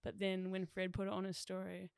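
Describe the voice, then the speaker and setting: A young woman with a New Zealand accent, chatting excitedly as a podcast guest, laughing often and saying "like" a lot. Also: mid-range voice, fairly quick, vocal fry, clean tone, no room sound, clean studio sound. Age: young adult. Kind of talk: casual chat.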